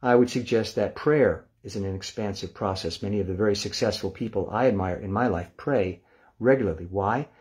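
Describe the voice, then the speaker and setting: An older man leading a guided relaxation lesson, calm and unhurried, counting down softly and easing into hushed releases. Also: on the low side. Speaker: meditation instructor.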